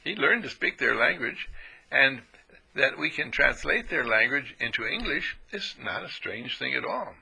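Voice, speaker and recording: Gravelly, animated male preacher. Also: moderate pace, rough recording. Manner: animated, playful, swoops into high voices for sheep and characters. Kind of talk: folksy spiritual sermon.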